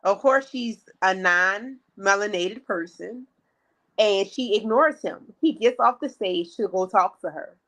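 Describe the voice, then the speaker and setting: Telling a story during a casual podcast chat, the female co-host gets animated and performs the quoted dialogue of everyone involved. She speaks at medium pitch, a little slowly.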